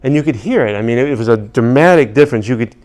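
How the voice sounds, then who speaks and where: A man's voice: medium pitch, expressive, rapid-fire, darkish tone. A man teaching tapping, telling a long rambling story full of restarts and asides. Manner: rambling, many restarts and "you know"s. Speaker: EFT practitioner. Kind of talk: casual teaching with anecdotes.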